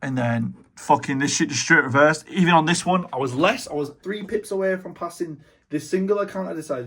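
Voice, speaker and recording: A man's voice: fairly high pitch, lively intonation, normal speed, vocal fry, fairly bright tone, slightly rough. A young British man giving casual, slangy, swear-heavy commentary on his live trades, exasperated by near misses. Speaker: day trader.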